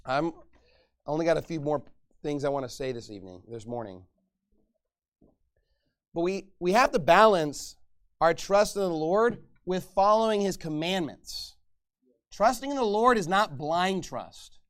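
A middle-aged pastor preaches with a fairly high voice, keeping a measured pace broken by long pauses. His manner is spirited and conversational, and he acts out quoted voices while laughing occasionally.

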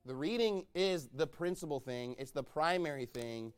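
A male pastor preaching a sermon, reading scripture slowly and swinging between loud shouted calls and low quiet asides. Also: expressive, smooth. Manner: reads scripture in slow, drawn-out cadence.

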